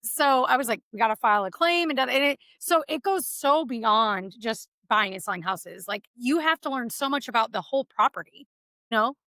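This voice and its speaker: Texan lady real estate agent gushing about her clients, lots of "like", crisp bright tone. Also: on the high side, lively intonation, moderate pace, no echo. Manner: chatty, enthusiastic, many fillers like "like". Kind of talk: casual podcast interview.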